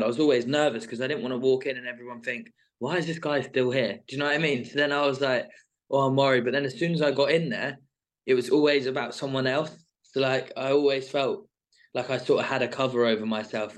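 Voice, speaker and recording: Male guest, middle-pitched, chatty and rambling. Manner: rambling, full of "like" and "sort of". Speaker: reality show contestant guest. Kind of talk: casual interview chat.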